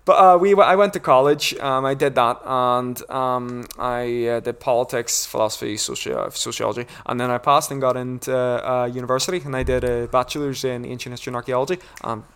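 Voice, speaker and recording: A man's voice: mid-range voice, steady tone, a little fast, few pauses, a bit bright, clear, resonant tone. A man from Northern Ireland with a Northern Irish accent, a podcast guest chatting casually and explaining things in a rambling, lecturing way. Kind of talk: casual conversation.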